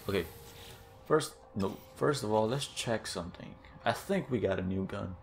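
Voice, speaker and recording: Faint music plays behind this gaming channel host, a young man whose fairly low voice moves at a normal speed. Excitable, he narrates his own gameplay casually, with frequent gasps and exclamations while exploring.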